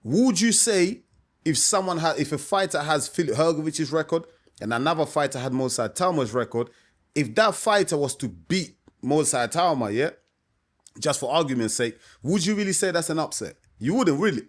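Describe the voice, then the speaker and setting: A man's voice: on the high side, expressive, normal speed. A man, a boxing coach giving his opinion to camera in a casual, emphatic way, often asking "you know what I mean". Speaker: boxing coach and channel host.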